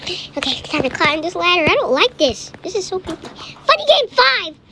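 A young woman giving lively running commentary on a scary game as host of a gaming channel, chatty and jumpy. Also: very high-pitched, brisk, background noise. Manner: excitable, jumpy, chatty, yelps and laughs at scares. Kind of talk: live gameplay commentary.

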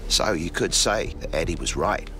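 A man's voice: sits low, expressive, moderate pace. A man voicing a blunt, swearing army sergeant in a fan dub of film scenes. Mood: grim storytelling. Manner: gruff, swearing, commanding. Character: hardened male army sergeant, middle-aged, blunt. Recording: loud background film music.

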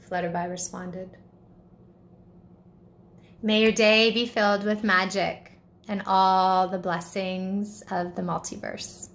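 A woman narrates a children's story at a slow, gentle pace. Her voice sits in a middle register with ordinary variation. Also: medium pitch, flat delivery.

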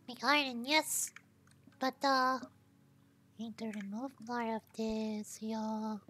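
A woman's voice: on the high side, level tone, slow pace, a bit bright. A woman streamer giving casual game commentary, thinking aloud as she tries things, swearing freely and tacking "yo" onto her lines.

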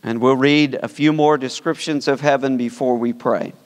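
Solemn preacher in a reverberant church. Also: male voice, medium pitch, steady tone. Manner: solemn, measured scripture reading with slow emphatic stretches. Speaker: pastor. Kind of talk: sermon, reading scripture and praying. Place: church sanctuary. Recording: long hall reverb of a church sanctuary.

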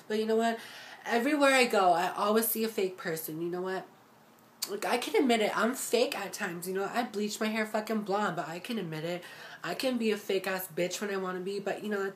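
A sassy young woman rants to the camera on her vlog, swearing freely and talking straight at her viewers. Her voice sits at an ordinary middle pitch. A faint background hum runs under her recording. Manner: acts out other people's voices in a mocking way. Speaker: vlogger. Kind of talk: casual rant to camera.

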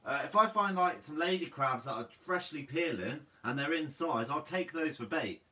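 Laid-back young Guernsey man, bright voice. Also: on the high side, animated, normal speed, recorded from a distance, rough recording. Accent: Guernsey English. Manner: laid-back, says "mate" a lot. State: sleepy. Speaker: fishing channel host. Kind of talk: casual live Q&A reading comments.

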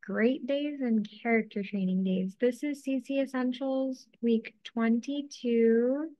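A woman narrating a scripted lesson, speaking slowly and enunciating each drill word carefully. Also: fairly high pitch, dark tone, highs cut off.

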